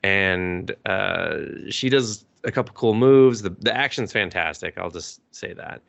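Male podcast co-host: deep, bright, rambling casual recapper who quotes characters and chuckles. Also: lively intonation, a little slow, gravelly. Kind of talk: casual chat recapping anime episodes.

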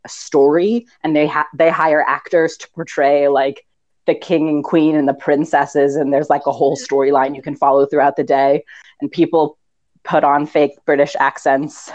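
American woman, lower register, casual chatty explainer, fillers and easy laughs. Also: level tone, normal speed, a little mellow, muffled recording. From United States. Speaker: fanfiction writer. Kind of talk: casual chat.

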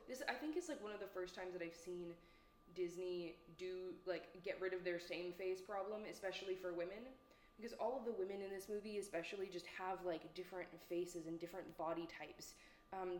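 A woman's voice: on the low side, darkish tone, a little hiss or hum. Rambling woman reviewing a film, echoey room. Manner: rambling, hesitant, lots of fillers and restarts. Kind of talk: casual spoken film review. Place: at home.

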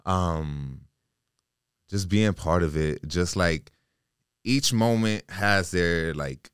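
A young man with a low, smooth voice, talking as a podcast guest in a loose, animated way full of "like". The sound is close and dry, with no room echo. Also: drawn-out words. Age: young adult. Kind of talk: casual interview chat.

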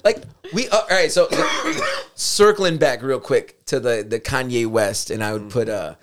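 A man's voice: mid-range voice, expressive, unhurried, noisy background. Joking man steering a podcast chat. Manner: joking, acts out imagined dialogue, steers topics. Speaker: podcast co-host. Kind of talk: casual chat.

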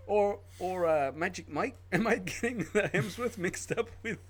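A man's voice: high voice, moderate pace. A man joking as a guest in a casual chat, often breaking into laughter.

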